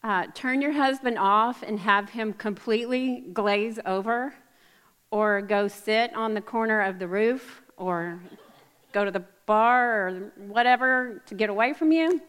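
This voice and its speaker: A woman's voice: on the high side, unhurried, a bit bright, clean tone. Chatty woman preaching in an echoey hall. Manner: chatty and self-correcting, with asides to the audience. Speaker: women's ministry speaker. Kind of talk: sermon with Bible reading. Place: church or event hall with a live audience.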